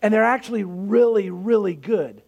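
A man's voice: high voice, normal speed, vocal fry, a little mellow. A male pastor preaching a sermon in an earnest, emphatic way, building points through repetition.

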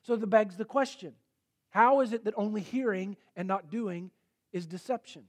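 A middle-aged male pastor preaching a sermon in an earnest, emphatic way, rising to forceful peaks. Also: high voice, moderate pace.

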